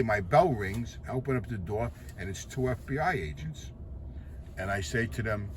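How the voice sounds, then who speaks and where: A man's voice: lowish voice, animated, moderate pace, a little hiss or hum. A man with a New York accent telling stories from his past in a blunt, profane, streetwise way. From Queens, New York. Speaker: storyteller recounting his past. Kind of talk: casual anecdotal storytelling.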